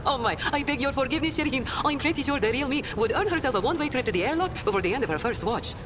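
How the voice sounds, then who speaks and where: Sly flirty smuggler lady in a game, talks fast and teasing, swoopy pitch. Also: lively intonation. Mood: playful. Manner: teasing, playful. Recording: game audio with clear background noise.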